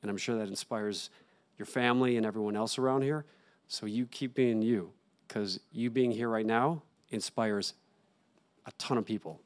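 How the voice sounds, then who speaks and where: A young adult man, a guest on an interview show, telling a personal story in an earnest, halting way with many restarts. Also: lowish voice, steady tone. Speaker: interview guest, actor and author.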